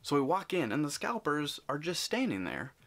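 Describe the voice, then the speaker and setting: A man vlogging, telling a story in an animated, chatty way and acting out the people in it. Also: on the high side, normal speed, gravelly. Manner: animated, chatty, acts out quotes. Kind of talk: casual storytelling.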